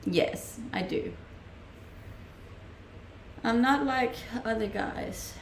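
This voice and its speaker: A woman's voice: fairly high pitch, drawn-out words, a little hiss or hum. A young woman from Denmark with a Danish accent, chatting casually on a live stream and answering viewers' questions, laughing often. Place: room at home, streaming. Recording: roomy home-mic sound.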